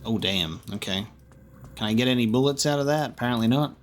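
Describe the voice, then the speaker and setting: A man's voice: medium pitch, quick pace, slight background noise. Chatty man narrating his gameplay. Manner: chatty, jokey, talks to himself while playing. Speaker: gaming streamer. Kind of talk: casual gameplay commentary.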